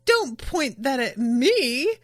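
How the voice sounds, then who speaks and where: A woman's voice: fairly high pitch, very animated, slow pace, a bit bright, dry recording, studio quality, faint music behind, exaggerated voice. A woman voicing a flamboyant, theatrical man who overacts his pleading and his triumphs. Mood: mock pleading. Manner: overdramatic, singsong.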